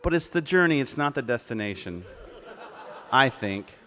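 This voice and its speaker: Animated man telling crude stage stories. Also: medium pitch, normal speed. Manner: animated, crude, laughing, playing to the crowd. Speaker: cartoonist on stage. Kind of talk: comic live storytelling. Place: convention hall stage. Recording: long hall reverb.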